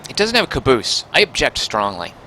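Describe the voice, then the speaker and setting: A man's voice: mid-range voice, wildly swooping pitch, fairly quick, bright, forceful tone, a little hiss or hum. A man streaming a game, chatting and muttering to himself, mildly exasperated with the controls. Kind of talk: casual game livestream commentary.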